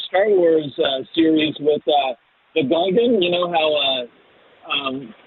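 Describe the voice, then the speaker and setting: Gravelly husky male caller on a phone line. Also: sits high, sing-song, takes it slowly, no echo. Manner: rambling, many ums, laughs along. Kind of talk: phoning in to a talk show.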